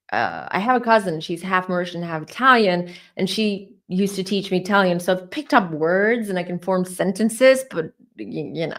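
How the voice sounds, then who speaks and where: A woman's voice: on the low side, a bit bright. A woman whose first language is French, hosting a tarot channel and chatting casually and ramblingly with her livestream viewers.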